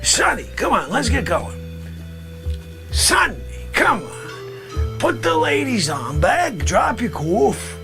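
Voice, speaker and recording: A man voicing a brash, grumbling middle-aged guy from the Bronx, rambling complaints and bursting into shouts. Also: very high voice, big pitch swings, takes it slowly, long pauses, voice pushed up, exaggerated voice. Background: music.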